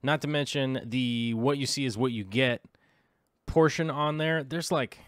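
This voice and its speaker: A man's voice: medium pitch, a little slow, no room sound. Rambling man with a dry, close sound. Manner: rambling, scatterbrained, self-interrupting. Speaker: aquarium hobby vlogger. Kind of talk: casual vlog chat while browsing links.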